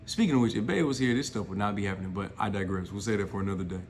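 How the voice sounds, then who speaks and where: A man's voice: lowish voice, racing, slight background noise. A man giving a casual, blunt recap of a reality show, exasperated and full of slang. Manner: exasperated, blunt, uses slang like y'all and bro.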